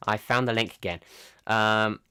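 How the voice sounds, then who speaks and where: Guy doing a tech news stream, slow, clean voice, lots of ums and uh-s. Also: on the low side, sharp tone, clear, resonant tone. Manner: halting, lots of ums and restarts. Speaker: tech news livestream host. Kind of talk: casual live news roundup.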